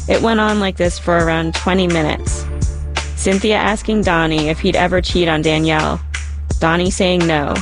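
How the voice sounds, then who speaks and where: Low-voiced woman reading a memoir over music. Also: fairly even intonation, normal speed.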